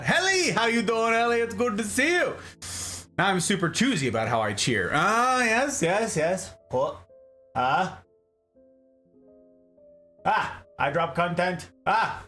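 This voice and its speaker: A man's voice: sits high, bright, forceful tone. A man hosting a live stream in casual chat, playfully greeting viewers and reading chat aloud. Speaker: streamer host.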